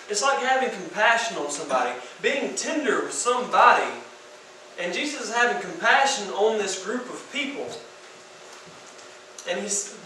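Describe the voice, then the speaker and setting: Youth pastor guy preaching, slangy and animated, bright voice, mic kinda far. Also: high voice, slight background noise. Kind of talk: sermon. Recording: echoey room from far off.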